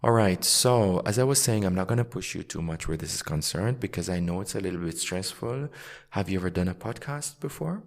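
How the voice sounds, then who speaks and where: A man with a very deep voice hosts a relaxed podcast chat as an English coach. He talks in a teacherly way, acting out short example sentences to make his points, and reassures his guest. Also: fairly quick, gravelly. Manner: explains with spoken example sentences. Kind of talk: casual interview.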